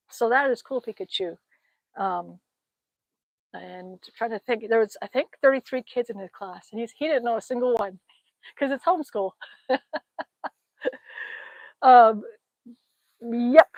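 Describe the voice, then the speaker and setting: A woman's voice: mid-range voice, no echo, rough recording. A middle-aged woman livestreaming outdoors on her phone, chatting casually, reading viewer comments aloud and thanking them with frequent laughs. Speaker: livestream host.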